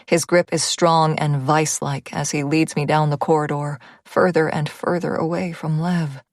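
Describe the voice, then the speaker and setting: A woman narrating a romance thriller audiobook in the first person, with a low-key, steady delivery. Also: moderate pace, no echo, clean studio sound.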